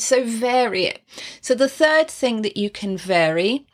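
Slow, expressive woman voice teacher. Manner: expressive, demonstrates pitch and volume changes while explaining; chatty, with frequent laughs and asides. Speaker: singing teacher giving video tips. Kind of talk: casual spoken tutorial.

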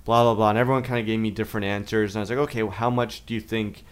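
A man co-hosting a podcast, telling a long story in casual chat, rambling and getting animated when he quotes other people. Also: lowish voice, racing, clean tone. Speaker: podcast co-host.

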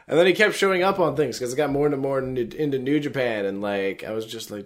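A man's voice: mid-range voice, a little fast. A man co-hosting a casual podcast, telling rambling, amused stories and swearing casually. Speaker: podcast co-host. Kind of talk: casual wrestling chat.

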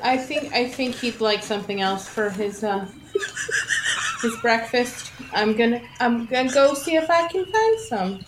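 A woman playing a tabletop role-playing game in a relaxed, joking way. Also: a little high, unhurried, noisy background. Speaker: player. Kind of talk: casual tabletop play.

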